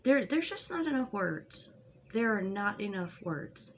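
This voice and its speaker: A woman's voice: mid-range voice, sing-song, measured pace, a little hiss or hum. Angry, blunt woman swearing freely. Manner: frustrated, blunt, heavy swearing. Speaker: drama commentary YouTuber. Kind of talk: casual commentary vlog.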